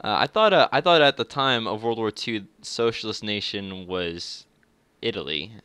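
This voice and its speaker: A man's voice: fairly low pitch, animated, normal speed, bright, forceful tone, clean tone, no echo. A young man chatting casually while playing a game, rambling with lots of restarts and frequent laughter. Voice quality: rambling, many fillers and restarts, laughs often. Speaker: gamer.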